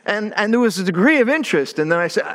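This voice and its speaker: A middle-aged male pastor delivers a sermon in a voice pitched a touch above most men. He talks it through like a story told to friends, then presses down firmly on the words that matter. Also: big pitch swings, fast, fairly bright tone. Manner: conversational storytelling with stressed words.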